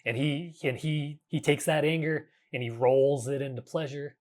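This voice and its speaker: Earnest, halting man hosting a podcast. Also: a little high, steady tone, a little mellow. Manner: earnest, halting, many restarts, casual swearing. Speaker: podcast host. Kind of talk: reflective solo podcast monologue.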